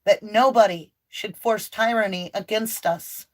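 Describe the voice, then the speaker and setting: A woman's voice: medium pitch, a little slow, hardly any pauses. A woman giving an impassioned, preachy tarot reading full of emphatic declarations. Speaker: tarot reader. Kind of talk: spiritual tarot reading monologue.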